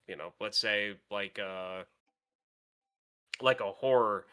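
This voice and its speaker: A middle-aged man co-hosting a podcast in casual chat, halting and searching for his words. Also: lowish voice, steady tone, sharp tone, clear, resonant tone. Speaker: podcast co-host.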